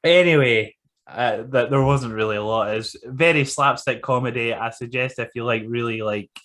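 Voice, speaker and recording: A man's voice: medium pitch, normal speed, fairly bright tone. A man co-hosting a casual podcast chat, blunt and sweary, laughing often. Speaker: podcast co-host.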